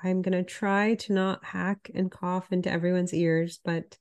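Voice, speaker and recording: Stuffy and nasal from a cold, a woman health coach co-hosts a podcast, chatting casually and a little apologetically. Her voice sits on the low side with little pitch movement, an unhurried pace, and a darkish tone.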